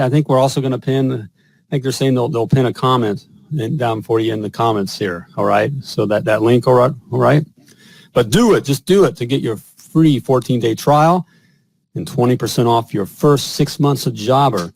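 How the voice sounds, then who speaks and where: A male live-show host in a salesy, upbeat patter, tagging "all right?" onto his lines. His voice sits at an ordinary pitch. The close mic keeps it dry. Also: brisk, vocal fry, a little mellow, no echo. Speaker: podcast host and plumbing business coach. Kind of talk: casual live-stream chat and ad read.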